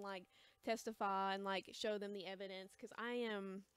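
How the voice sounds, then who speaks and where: A young woman with an American accent chatting casually while selling comics on a livestream, hesitant and rambling, calling herself quiet and awkward. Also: medium pitch, fairly even intonation, moderate pace, smooth. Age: young adult. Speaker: shop livestream seller. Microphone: close mic, chewing gum.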